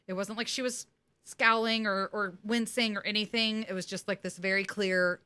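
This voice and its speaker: A woman podcast host recapping a TV episode in casual chat, animated, laughing often and slipping into impressions. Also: medium pitch, moderate pace, smooth.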